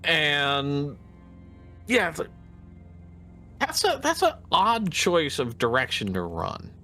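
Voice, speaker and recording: Guesting on a laid-back podcast, this Midwestern man talks slowly in a slightly high, pushed, bright voice whose pitch swoops wildly. His chat rambles, with plenty of hesitation and false starts, and faint music plays behind him.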